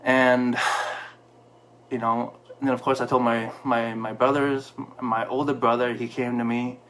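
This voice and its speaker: A man's voice: mid-range voice, flat delivery, a little slow, a bit bright, slight background noise. A man telling an emotional personal story in a candid, heartfelt way, with frequent fillers and restarts. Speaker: storyteller sharing a personal experience.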